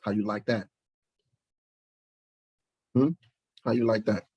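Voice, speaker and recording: A middle-aged man preaching a blunt, mocking sermon and reading scripture, with swings between soft asides and shouting. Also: fairly low pitch, steady tone, takes it slowly, breathy edge, dry recording.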